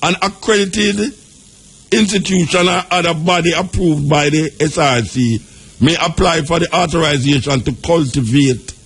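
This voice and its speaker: A Jamaican man with a husky, slightly high voice works through a legal text aloud on his radio talk show. He reads each clause carefully, then drops into quick patois asides before going back to the text. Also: a bit bright. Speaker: radio host. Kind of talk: reading and commenting on a law.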